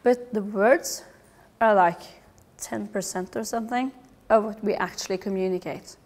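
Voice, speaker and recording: A middle-aged woman giving a lively public talk about children's behaviour, with humorous asides. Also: medium pitch, normal speed. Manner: lively, acts out quoted voices, humorous asides.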